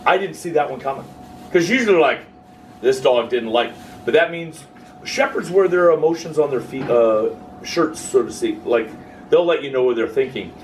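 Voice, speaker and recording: Speaking at a normal speed in a fairly high voice, a man leads a dog-training workshop. His lecture is loose and full of jokes, and he performs quoted voices for the room of listeners. The mic catches him from afar with noticeable background noise.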